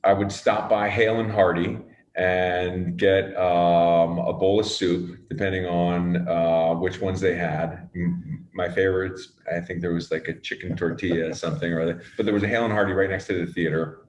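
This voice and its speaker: A man's voice: deep voice, level tone, normal speed, roomy sound, highs cut off. A man being interviewed as a guest, talking thoughtfully with many fillers and restarts and some casual swearing. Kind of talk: relaxed conversational interview.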